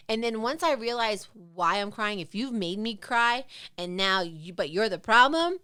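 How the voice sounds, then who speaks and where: A woman's voice: medium pitch, moderate pace, hardly any pauses, pushed and bright, clean tone, dry recording, studio quality. A woman co-hosting a podcast, chatting frankly and swearing freely in a casual talk. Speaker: podcast co-host. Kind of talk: candid casual chat.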